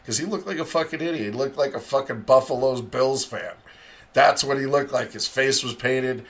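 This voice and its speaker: A man's voice: mid-range voice, normal speed, fairly bright tone. A middle-aged man hosting a podcast, telling a rambling, profane story in a casual monologue.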